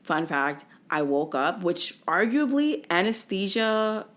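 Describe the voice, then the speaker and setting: A young woman with a somewhat low voice hosts a casual podcast chat. She tells stories in an animated, slangy way and slips into quoted voices. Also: slow pace. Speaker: podcast host.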